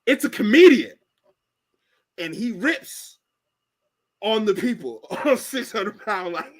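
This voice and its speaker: A man recovering from a cold, chatting profanely on a podcast, laughing and loudly mimicking others. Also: sits high, expressive, slow pace, slight background noise. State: recovering from a cold, voice partly lost. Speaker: podcast co-host. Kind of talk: casual chat.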